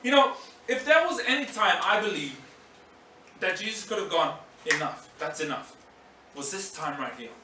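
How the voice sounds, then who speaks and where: Animated pastor. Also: male voice, high-pitched, normal speed, slight background noise. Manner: animated, acts out scenes and voices. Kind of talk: sermon. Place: church hall. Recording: echoey hall, mic at a distance.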